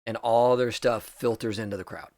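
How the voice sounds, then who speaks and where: A man's voice: mid-range voice, fairly even intonation, moderate pace, a little mellow, dry recording. A man narrating as game master, loose and chuckling, with many fillers. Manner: loose, laughing, lots of fillers.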